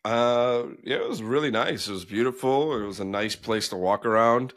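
A man co-hosting a podcast, telling stories in a relaxed way with many fillers. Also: mid-range voice, moderate pace, no room sound, clean studio sound. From United States. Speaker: podcast co-host. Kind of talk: casual chat.

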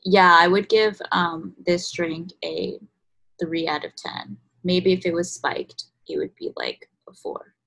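A woman's voice: on the low side, animated, slow pace, creaky, fairly bright tone, low-quality recording. A young adult woman co-hosting a podcast in casual chat, chatty with lots of ums and likes. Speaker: podcast co-host.

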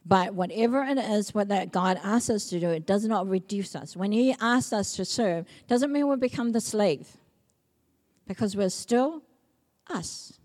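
A woman's voice: mid-range voice, unhurried, darkish tone. A middle-aged woman from Samoa, preaching a sermon as pastor in an emphatic, repetitive way.

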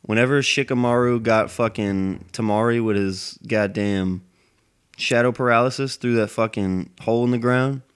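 A man's voice: mid-range voice, moderate pace, smooth. A man rambling in a casual monologue, cursing heavily as he goes. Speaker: anime fan vlogger.

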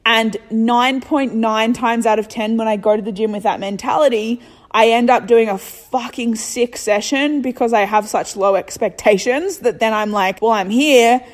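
A woman's voice: fairly high pitch, steady tone, normal speed, in a large hall. A young Australian woman hosting a solo self-help podcast, talking bluntly and motivationally and swearing freely. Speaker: podcast host.

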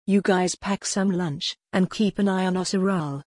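A woman voicing an eager, take-charge young girl in a storybook, brisk and helpful. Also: fairly low pitch, steady tone, darkish tone, no room sound, studio quality, close to an everyday voice.

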